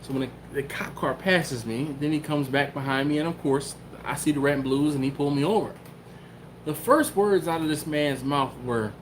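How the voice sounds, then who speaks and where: A Philadelphia-area man hosting a YouTube live stream tells a story in a measured, medium-pitched voice over slight background noise. He's casual yet animated, voicing the quotes and imitating cat sounds as he goes.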